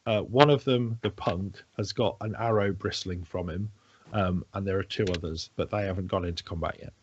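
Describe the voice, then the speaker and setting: A man's voice: deep voice, moderate pace, lo-fi sound, a little hiss or hum. Man running a tabletop game. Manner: chatty, filler-heavy, animated narration. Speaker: dungeon master.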